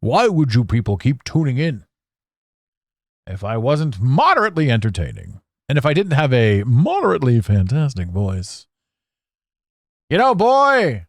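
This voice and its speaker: Animated man hosting a podcast. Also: medium pitch, dry recording, studio quality. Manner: animated, theatrical, swears casually. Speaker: podcast host. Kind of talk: solo podcast monologue.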